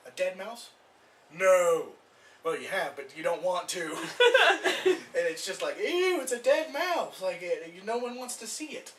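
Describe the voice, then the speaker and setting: A man's voice: high voice, moderate pace, fairly bright tone, recorded from a distance, slight background noise. A man performing a stand-up comedy set, rambling loosely, swearing and acting out voices. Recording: echoey room recorded from afar.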